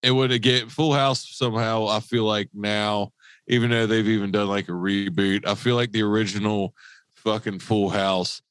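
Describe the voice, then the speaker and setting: Brief: low-pitched male co-host, blunt, rambling, dry sound. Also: fairly even intonation, moderate pace, fairly bright tone, clean tone, no echo. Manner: blunt, swears often, rambling. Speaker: podcast co-host. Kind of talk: casual chat.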